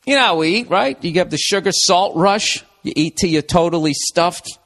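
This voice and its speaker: A man's voice: high voice, expressive, moderate pace, a bit bright. Profane, rambling man venting. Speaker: podcast host. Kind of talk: casual comedic monologue.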